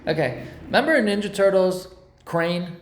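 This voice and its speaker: A man teaching a casual Torah class, lively and slangy, explaining ideas through pop-culture comparisons. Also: sits high, normal speed, reverberant, slight background noise.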